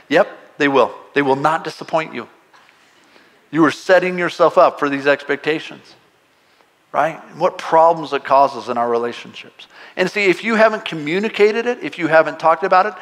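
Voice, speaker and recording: Man preaching with a raised, lively pitch. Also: brisk. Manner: conversational preaching with playful asides; emphatic, rising on exclamations. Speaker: pastor. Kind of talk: sermon.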